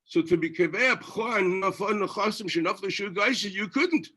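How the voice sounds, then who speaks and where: Animated high-voiced rabbi teaching Talmud. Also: male voice, normal speed, slightly rough. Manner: animated, rhetorical questions, frequent restarts. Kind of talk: yeshiva Talmud lecture.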